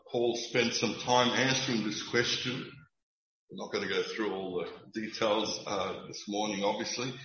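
Male pastor giving a sermon, low-pitched, earnest and emphatic, in a roomy, dull recording. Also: fairly bright tone. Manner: earnest, emphatic, measured preaching with occasional restarts.

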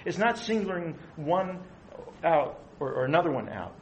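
A man's voice: a little high, expressive, measured pace, muffled recording, a little hiss or hum. Man preaching a conversational sermon. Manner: conversational, asks the audience questions. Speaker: pastor.

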